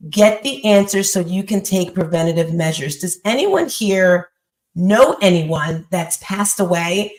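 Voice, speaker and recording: A woman's voice: fairly low pitch, lively intonation, measured pace, roomy sound, low-quality recording. A woman in her fifties hosting a motivational live chat, speaking emphatically and telling stories straight to her listeners. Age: 50s. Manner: emphatic, storytelling, talks to the audience directly. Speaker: host.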